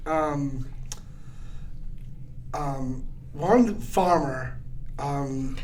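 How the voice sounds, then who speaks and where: A man co-hosting a casual podcast, who hesitates and fills pauses with many ums and uhs. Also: mid-range voice, darkish tone, a little hiss or hum. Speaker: podcast co-host.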